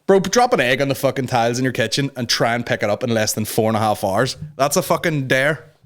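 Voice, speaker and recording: A man's voice: mid-range voice, animated, fast talker, a bit bright. A man hosting a comedy podcast, rambling through a casual rant and swearing constantly.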